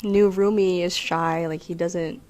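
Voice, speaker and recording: A young woman co-hosting a casual podcast, calmly setting up scenarios for the others. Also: lowish voice, measured pace. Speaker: podcast co-host. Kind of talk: casual chat.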